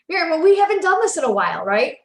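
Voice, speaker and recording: A woman in her fifties, a psychologist guest, telling stories in a casual, animated way and often restarting her sentences. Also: extremely high pitch. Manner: animated storyteller, quick restarts. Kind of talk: casual interview chat. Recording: roomy echo.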